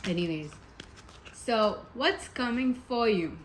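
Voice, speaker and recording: A woman's voice: fairly high pitch, lively intonation, slow, slight background noise, low-quality recording. A woman giving a casual pick-a-pile tarot reading, chatty and giggly, rambling with many asides. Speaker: tarot reader.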